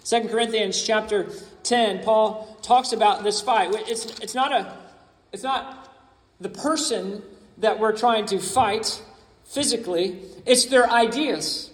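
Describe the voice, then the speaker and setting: A man's voice: high voice, measured pace. A man preaching a sermon as pastor, emphatic and repeating his key phrases. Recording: echoey hall.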